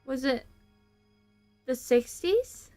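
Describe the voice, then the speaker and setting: A woman's voice: high-pitched, sing-song, very slow, mellow, faint music behind. A young woman from the United States, chatting casually on a stream. She rambles, giggles, swears casually and pokes fun at herself. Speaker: VTuber streamer.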